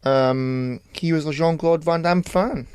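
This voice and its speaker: A man's voice: on the high side, a little slow, darkish tone, clear, resonant tone, no room sound, clean studio sound. A man co-hosting a film podcast, speaking in a blunt, sweary and teasing way. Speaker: podcast co-host. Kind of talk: casual film chat.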